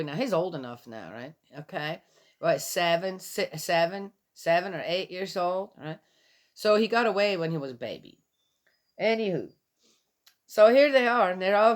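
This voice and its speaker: A woman's voice: fairly high pitch, animated, measured pace, a bit bright. Skeptical chatty woman reading scripture. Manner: skeptical, chatty, asks rhetorical questions. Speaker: Bible reader and commentator. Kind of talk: casual reading with commentary.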